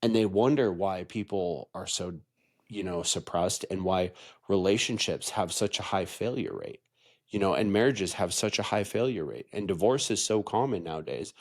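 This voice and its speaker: A man's voice: sits low, moderate pace. A man co-hosting a podcast, talking earnestly in casual chat and often checking in with "right?". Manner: earnest, conversational, keeps asking "right?". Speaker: podcast co-host.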